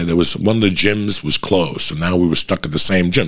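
A middle-aged man, telling a profane stand-up story that rises into loud, animated rants. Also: low voice, brisk. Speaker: stand-up comedian.

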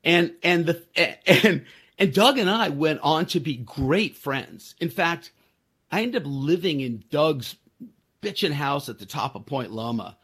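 A man's voice: fairly high pitch, expressive, unhurried, a bit bright, husky. A man in his sixties hosting a podcast, telling a story in a rambling, self-deprecating way, with many fillers and restarts. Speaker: podcast host. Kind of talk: casual storytelling.

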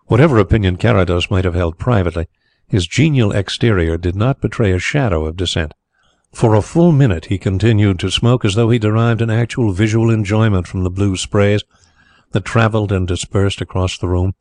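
A man narrating a story in a measured, even way. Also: on the low side, no room sound. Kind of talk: scripted narration.

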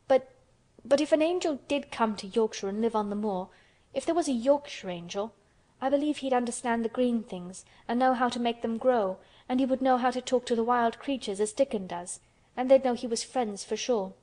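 A woman's voice: on the high side, normal speed, dark tone, lightly acted. A woman voicing a blunt, solemn young girl in a storybook reading, frank and earnest. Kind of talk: storybook character voice.

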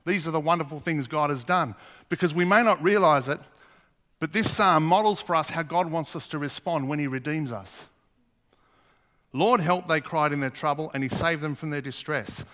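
A man's voice: on the high side, fairly quick, fairly bright tone. A man preaching a sermon, earnest, asking the congregation questions as he reads scripture. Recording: long hall reverb.

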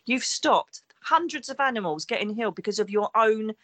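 A woman's voice: on the high side, expressive, normal speed, fairly bright tone. A woman, a psychic medium talking emphatically in an interview and acting out the people she quotes. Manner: emphatic, acts out quoted voices. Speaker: psychic medium and former detective. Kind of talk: interview conversation.

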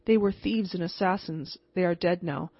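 A woman reading the lines of a reluctant, muttering man from a village in an audiobook, with a husky voice. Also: lowish voice, normal speed, no echo. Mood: uneasy. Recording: slightly muffled, dry recording.

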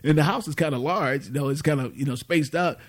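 A man's voice: fairly high pitch, fast talker. A man giving an informal, conversational sermon, asking the congregation to finish his lines. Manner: call-and-response questions, conversational. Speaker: preacher.

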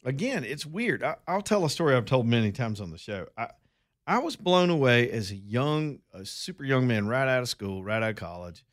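A man's voice: mid-range voice, very animated, normal speed. A middle-aged man from Alabama with a Southern accent, hosting a talk radio show and telling a long story in a folksy, rambling way that addresses his listeners as y'all.

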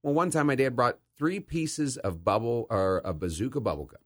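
A middle-aged man hosting a casual interview, telling stories with animated quoted voices. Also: mid-range voice, normal speed. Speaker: podcast host.

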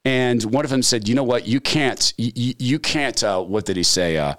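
A man's voice: medium pitch, normal speed, a bit bright. A middle-aged man hosting a talk show, telling anecdotes in casual chat and acting out the dialogue. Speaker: podcast host.

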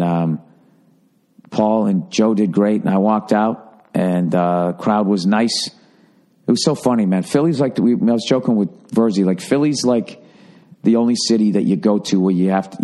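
A man's voice: on the low side, warm tone. A man, a comedian hosting his own podcast, talking in a blunt, profane, rambling monologue full of asides.

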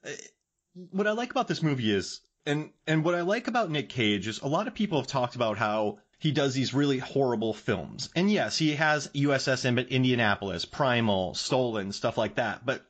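A man's voice: medium pitch, animated. A man hosting a podcast, chatting casually and enthusiastically about movies. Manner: enthusiastic, fast-riffing movie talk. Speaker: podcast host.

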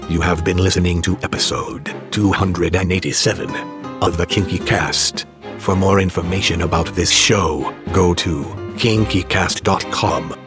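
A man with a very deep voice reads a formal, scripted outro. He keeps it measured. Music plays clearly beneath him. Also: steady tone. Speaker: show announcer.

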